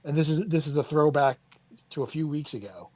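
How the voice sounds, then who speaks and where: A man's voice: fairly high pitch, brisk, darkish tone, no echo. A man from Queens with a New York accent calling into a talk show, stammering as he chats. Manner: stammering, friendly. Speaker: caller. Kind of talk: casual chat.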